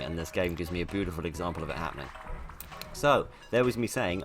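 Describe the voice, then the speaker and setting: A man chats his way through a video game with rambling, self-deprecating commentary. His voice sits very low. Faint music plays behind him. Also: animated, quick pace. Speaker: let's play host. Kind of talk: casual gameplay commentary.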